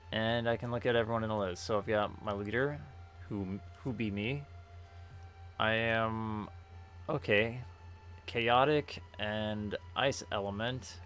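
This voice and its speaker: A man's voice: on the low side, slow pace, pauses often, fairly bright tone, slight background noise. A man streaming a game playthrough, joking casually and reading on-screen text aloud.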